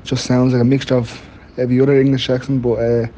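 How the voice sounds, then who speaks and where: Young man, flat and mellow. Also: mid-range voice, quick pace, slight background noise, low-quality recording. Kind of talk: casual chat.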